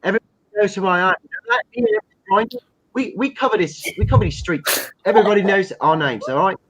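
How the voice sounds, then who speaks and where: A man's voice: high-pitched, fast talker, a bit bright, slightly rough, pitched above the performer's own voice, low-quality recording. A man putting on the voice of a boastful young male rapper from a British TV show, full of street slang. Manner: swaggering, bossy street slang.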